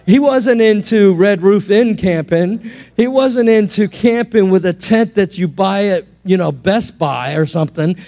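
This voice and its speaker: A man preaching in a church with a fairly high, warm, mellow voice. He tells lively stories from the pulpit, often restarting his sentences as he builds his points. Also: unhurried. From England. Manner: animated preaching with storytelling and repeated restarts. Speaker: pastor. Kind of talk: sermon.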